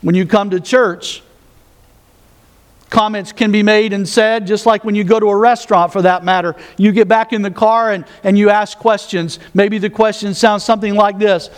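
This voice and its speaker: High-voiced man preaching a sermon. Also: fairly even intonation, normal speed, clean tone. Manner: conversational, with self-mocking asides and repeated words. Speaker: pastor.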